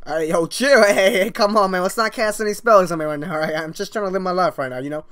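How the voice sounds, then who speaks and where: A young man hosting crude video chats with strangers, loud, teasing and swearing, now and then breaking into shouts. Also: sits high, fast talker, smooth. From Zimbabwe. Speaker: video chat prankster host. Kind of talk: crude joking chat with strangers.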